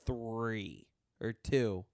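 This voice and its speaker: A man co-hosting a casual sports chat, eager and quick to restart his sentences. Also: lowish voice, darkish tone, no echo. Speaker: podcast co-host.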